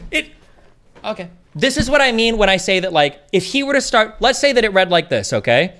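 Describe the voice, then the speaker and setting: A man's voice: high voice, sing-song, fairly quick, a bit bright. A man hosting a stream, arguing heatedly and profanely in a casual debate, talking over the other speaker. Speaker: streamer host.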